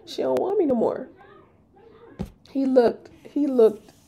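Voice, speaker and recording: A woman, hosting a podcast and telling a personal story in an animated, emphatic way. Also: high voice, slow, creaky. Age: 30s. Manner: animated, emphatic, slips into voicing others. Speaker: podcast host.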